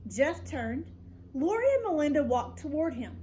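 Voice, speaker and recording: A woman's voice: high-pitched, very animated, normal speed, dark tone, a little hiss or hum. A woman teacher reading a chapter book aloud to students and chatting to them afterwards. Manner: friendly, speaks straight to students. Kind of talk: read-aloud storytelling.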